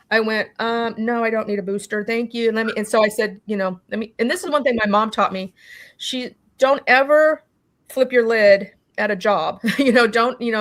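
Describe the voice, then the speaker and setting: A woman recounting her own experience in an interview, talking animatedly, acting out what people said and often restarting with "you know". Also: a little high. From California. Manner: animated storytelling, acting out quoted dialogue. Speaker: interview guest. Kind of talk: personal testimony in a conversation.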